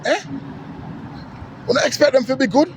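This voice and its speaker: A man's voice: very high voice, animated, normal speed, a little hiss or hum, low-quality recording. A Jamaican man with a heavy Patois accent, ranting angrily to his followers, cursing often and repeating his points. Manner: heated, cursing, repetitive, preaching to listeners. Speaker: social media commentator. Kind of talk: angry rant.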